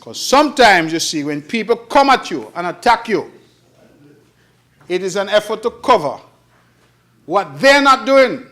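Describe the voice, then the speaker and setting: A man with a Kittitian-Nevisian accent speaking in parliament, with a rather high voice. His oratory is emphatic and repetitive, and it swells and drops as he hammers his points. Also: big pitch swings, unhurried, pauses often, pushed and bright. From Saint Kitts and Nevis. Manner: emphatic, repetitive oratory with rising and falling delivery. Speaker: politician addressing parliament. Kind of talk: parliamentary speech. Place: parliament chamber.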